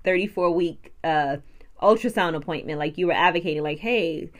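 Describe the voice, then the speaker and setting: A woman's voice: low voice, brisk. A woman hosting a podcast interview, asking follow-up questions and affirming her guest. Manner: supportive, affirming. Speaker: podcast host, doula.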